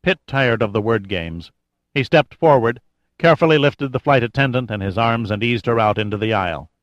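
A man reading an audiobook in a measured, even storytelling manner. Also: medium pitch, no echo, muffled recording. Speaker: audiobook narrator. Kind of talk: scripted narration.

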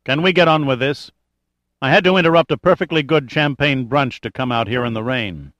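A man's voice: medium pitch, brisk, fairly bright tone, no echo, highs cut off, voice pushed up, lightly acted. Man doing tough hero voice, cold and cocky, dry recording. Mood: dry sarcastic. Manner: cold, wisecracking, defiant. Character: cool, sardonic tough male hero, adult.

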